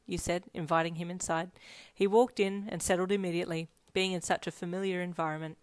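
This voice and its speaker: A woman's voice: on the low side, fairly even intonation, fast, no room sound. A woman narrating a second-person fan fiction story, reading expressively and voicing every character. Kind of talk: narrated reader-insert story.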